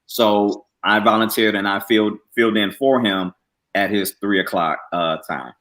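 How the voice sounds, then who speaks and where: A man co-hosting a casual chat, giving defensive, lively pushback. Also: fairly low pitch, moderate pace. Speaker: co-host.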